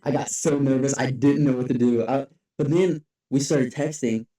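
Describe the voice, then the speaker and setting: A man's voice: mid-range voice, steady tone, moderate pace, mellow. Rambling young man in an echoey room. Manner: rambling, full of "like" and restarts. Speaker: podcast co-host. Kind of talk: casual chat. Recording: echoey room, far from the mic.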